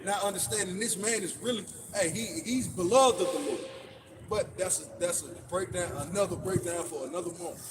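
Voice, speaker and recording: A man's voice: sits high, fairly quick. A man leading a casual religious discussion in a preachy way, often repeating his words as he builds a point. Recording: noisy, distant mic.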